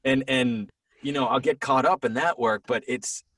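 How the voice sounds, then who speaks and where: A man's voice: mid-range voice, steady tone, normal speed, a bit bright, dry recording. A man in his thirties, a voiceover actor, chatting as a podcast guest, rambling with frequent restarts. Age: 30s. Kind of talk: casual conversation. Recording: dry sound, a bit distant from the mic.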